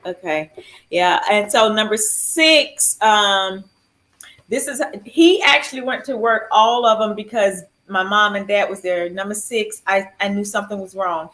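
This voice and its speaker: A woman telling her health story in casual chat, animated and laughing, acting out quoted dialogue. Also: medium pitch. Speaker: cancer survivor sharing her story.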